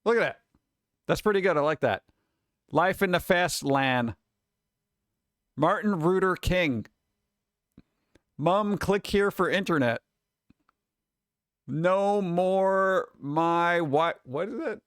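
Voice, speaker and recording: A man chatting casually on a stream, reading headlines and memes aloud and answering them with sarcastic, animated asides. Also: sits high, takes it slowly, long pauses, smooth, no echo, clean studio sound. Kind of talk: casual live-stream chat.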